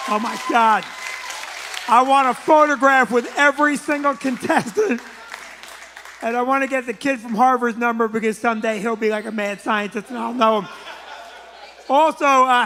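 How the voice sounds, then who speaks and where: A man hosting from a comedy club stage, wrapping up the night with loud, excited announcements and shout-outs. His voice is very high and bright, and a faint crowd murmurs behind him along with light room noise. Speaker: club owner and show host. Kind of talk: live show sign-off announcements.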